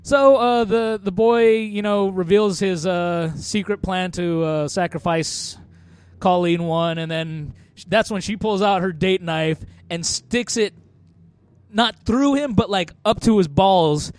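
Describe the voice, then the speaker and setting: A man's voice: sits high, slow, smooth, dry recording. A man on a podcast casually recapping a movie, rambling with lots of fillers and frequent laughter. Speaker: podcast co-host.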